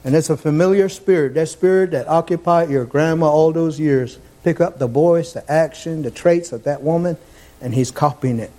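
A male preacher delivers a fervent sermon in a church. His voice sits fairly high and pushes upward into shouts as he drives his points home. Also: normal speed.

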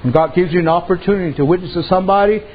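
A man's voice: high-pitched, rapid-fire, husky, narrow, tinny audio. A man preaching a sermon in a folksy storytelling way, retelling conversations with lots of "I said". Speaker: pastor.

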